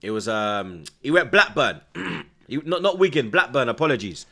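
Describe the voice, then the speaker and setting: Young man, watchalong streamer, bright pushy tone, heavy slang, constant shout-outs. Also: mid-range voice, big pitch swings, normal speed, hardly any pauses. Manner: slangy, repeats "blood" and "you get me"; shouts out viewers from the chat. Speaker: livestream host. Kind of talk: football watchalong chat.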